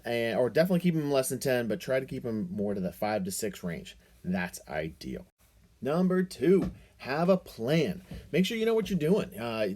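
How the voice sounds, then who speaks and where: A man's voice: mid-range voice, a little mellow. A man giving upbeat, playful teaching tips to camera, with lots of energy in his delivery. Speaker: teacher making a screencast tutorial. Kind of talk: upbeat instructional talk to camera.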